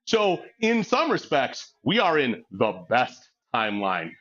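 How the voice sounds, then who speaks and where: A man's voice: mid-range voice, a bit bright. A man in his forties chatting casually during a gym workout, crude and joking, laughing often as he tells stories. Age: 40s. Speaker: fitness vlogger. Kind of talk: casual chat between sets. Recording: dull lo-fi recording.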